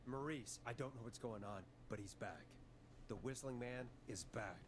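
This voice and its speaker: An actor playing a late-night male radio host in a video game, with a calm and measured on-air delivery. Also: mid-range voice, noisy background, natural voice.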